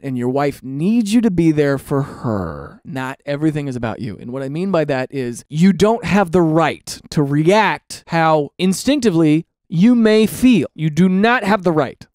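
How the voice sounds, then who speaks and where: A man riffs through comic commentary on online posts with a pitch that leaps all over the place. He rants in mock exasperation and slips into goofy quoted voices. The sound is close and dry, with no room around it. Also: normal speed, no echo. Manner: animated, ranting, mock-exasperated; drops into silly quoted voices. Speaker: comedy commentator.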